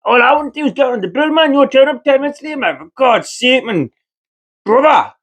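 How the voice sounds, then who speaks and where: A man's voice: very high voice, lively intonation, fairly quick, a bit bright. A Geordie man from North East England, a builder vlogger giving a jokey, mock-dramatic monologue to camera, teasing and swearing casually.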